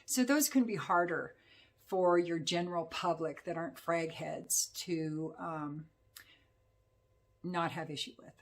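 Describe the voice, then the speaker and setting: A woman's voice: fairly low pitch, a little slow. A woman giving a casual, rambling perfume review, talking with many fillers. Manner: chatty, rambling, full of fillers.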